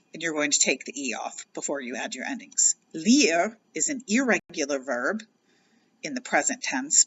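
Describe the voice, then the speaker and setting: A woman's voice: low voice, a bit bright, slightly rough, lo-fi sound. A woman teacher explaining grammar patiently in a recorded lesson, spelling out letters as she goes. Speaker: French teacher.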